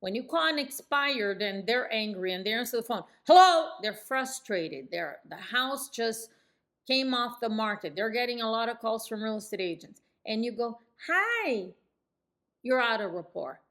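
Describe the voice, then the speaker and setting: A middle-aged woman coaching real estate agents, speaking firmly in falling tones and jumping up high to demonstrate. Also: moderate pace, a bit bright. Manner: emphatic, demonstrates phone tones with sudden high pitch jumps; speaks in firm downswings. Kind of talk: coaching lesson to camera.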